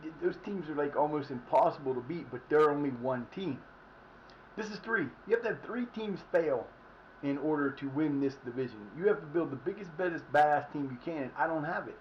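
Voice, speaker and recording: A man's voice: fairly high pitch, expressive, brisk, lo-fi sound, slight background noise. A man streaming live and chatting casually over his game, rambling with frequent restarts and fillers. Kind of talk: casual live gameplay commentary.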